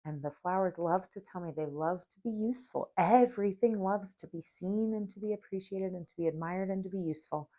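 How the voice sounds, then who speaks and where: A woman hosting a spiritual podcast, talking softly and dreamily and at times guiding a meditation, sometimes dropping to near-whispers. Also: mid-range voice. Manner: soft, slow and dreamy, drifting into near-whispers. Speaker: podcast host.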